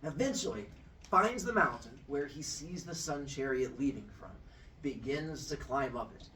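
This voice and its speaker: A man telling a myth as a comic story, animated and jokey, acting out each character. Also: medium pitch, normal speed. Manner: animated, jokey, acts out every voice. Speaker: podcast storyteller. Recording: distant mic with faint noise.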